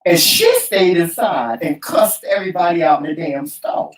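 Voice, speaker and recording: A man co-hosting a casual talk show, telling stories in an animated, sassy way with lots of exclamations. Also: a little high, normal speed, recorded from a distance. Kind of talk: casual chat. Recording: echoey room, voice from off mic.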